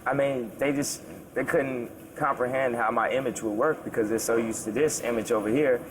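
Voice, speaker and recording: A man's voice: medium pitch, steady tone, moderate pace, background noise. Man chatting loosely in an interview. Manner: loose, rambling, with many restarts and asides. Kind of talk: casual interview chat.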